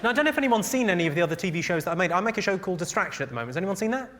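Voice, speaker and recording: A man with a fairly high voice works the room in a deadpan, teasing stand-up roast. He speaks into a stage mic in a live theatre, with loud laughter from the audience behind him. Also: very fast, noisy background. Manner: deadpan, teasing crowd work. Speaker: stand-up comedian.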